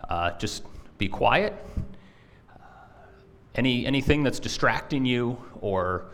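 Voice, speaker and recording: Pastor, male: casual, chatty sermon delivery, soft and slow when he prays. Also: medium pitch, lively intonation. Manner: conversational, with fillers and restarts; hushed and slow in prayer.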